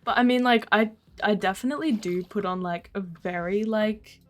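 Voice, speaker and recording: A woman's voice: mid-range voice, normal speed, faint music behind. Chatty Australian woman streaming, laughing often. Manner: chatty storytelling, heavy use of 'like', swearing, laughing. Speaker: livestreamer. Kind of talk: casual chat on a live stream.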